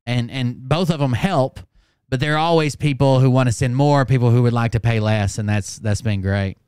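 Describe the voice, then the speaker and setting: A man's voice: medium pitch, moderate pace, darkish tone, clean tone, no echo, studio quality. Rambling, casual male stream host. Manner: rambling, filler-heavy, offhand. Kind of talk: casual live stream chat.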